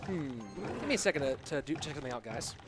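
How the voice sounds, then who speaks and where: A young man with a slightly high voice casts a live esports stream at a fast clip, calling the plays over music. His delivery is lively play-by-play, and he chats with viewers as he goes.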